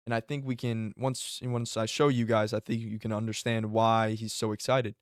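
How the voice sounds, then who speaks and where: A man giving casual reaction commentary on fights, excitable and profane, often bursting into exclamations. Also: fairly low pitch, normal speed, no room sound, clean studio sound. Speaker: MMA commentary YouTuber.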